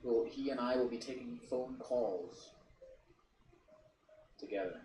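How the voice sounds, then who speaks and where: A man's voice: medium pitch, slow pace, a little mellow. Rambly guy streaming from home, kinda far from the mic, echoey room, bit of hiss. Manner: rambling, repeats himself, swears. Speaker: streamer and podcast guest. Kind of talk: casual chat.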